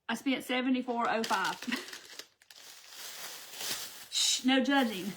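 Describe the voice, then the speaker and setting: A woman's voice: a little high, fairly bright tone. A middle-aged woman, hosting a casual live stream, chatty and gushing, talking to viewers by name and laughing often. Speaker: craft channel host.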